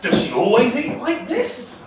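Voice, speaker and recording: A man voicing a boisterous male ice giant groom, eager and booming, in a castle great hall. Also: wildly swooping pitch, unhurried, noisy background, exaggerated voice. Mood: puzzled. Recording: echoey hall from far off.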